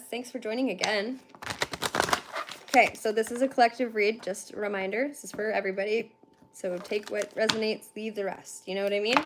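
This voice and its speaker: A tired young woman from Canada, chatting fast on a livestream with lots of fillers while she gives a card reading. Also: mid-range voice, very noisy. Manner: fast-talking, chatty, laughs often, many fillers. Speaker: tarantula reader on a livestream.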